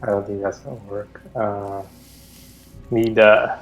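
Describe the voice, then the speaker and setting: A man's voice: on the low side, little pitch movement, a little slow, echoey room, muffled recording, soft background music. A man playing a tabletop game, talking hesitantly with frequent stammers. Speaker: player.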